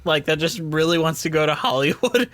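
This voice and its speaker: A man's voice: fairly high pitch, expressive, fairly quick, a bit bright, dry recording. A man co-hosting a podcast in casual chat, laughing often as he talks. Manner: giggly, laughs often while talking. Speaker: podcast co-host.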